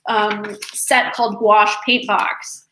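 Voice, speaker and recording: Bright, chatty woman in an echoey room. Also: medium pitch, little pitch movement, slow, a little hiss or hum. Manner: chatty, rambling, many fillers and self-corrections. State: congested. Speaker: artist live-streaming from home. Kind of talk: casual live-stream chat. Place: apartment.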